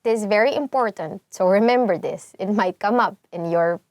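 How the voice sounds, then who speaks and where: A woman's voice: mid-range voice, normal speed, dry recording. A young woman with a Filipino accent, teaching words playfully and laughing often. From Philippines. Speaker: language teacher. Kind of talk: casual vocabulary lesson.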